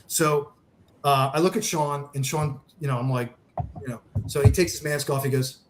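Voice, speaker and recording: Animated male podcast guest spinning a baseball yarn; light background hum. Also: medium pitch, normal speed. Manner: animated storyteller, acts out quotes. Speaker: charity founder, guest. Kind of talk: casual storytelling.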